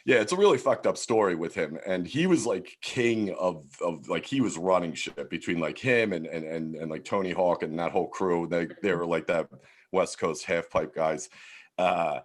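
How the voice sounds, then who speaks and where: A man's voice: sits low, lively intonation, normal speed. A man in his forties from Philadelphia, telling stories as a podcast guest in a loose, profane way full of fillers. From Philadelphia, USA. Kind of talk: casual storytelling chat.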